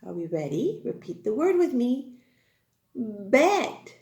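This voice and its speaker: A woman teaching an online phonics class to young children, encouraging and exaggerated, speaking slowly and clearly. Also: a little high, big pitch swings, mellow, echoey room. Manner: sing-song, encouraging, slow and exaggerated for small children. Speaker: kindergarten teacher.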